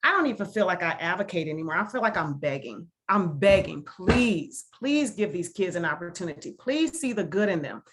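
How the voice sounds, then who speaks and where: A woman's voice: fairly low pitch, sing-song, fairly quick, hardly any pauses, background noise. Milwaukee woman, guest speaker on a video call, earnest and emphatic, repeats her points for weight. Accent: Milwaukee, Wisconsin. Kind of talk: casual talk to a video call discussion.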